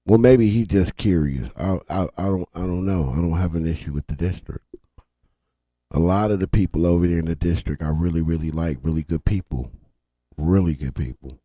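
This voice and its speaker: A man's voice: deep voice, a little fast, warm tone, dry recording, clean studio sound. A man with a California accent hosting a livestream, talking in a laid-back, slangy way. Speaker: livestream host. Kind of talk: casual live commentary. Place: Washington State.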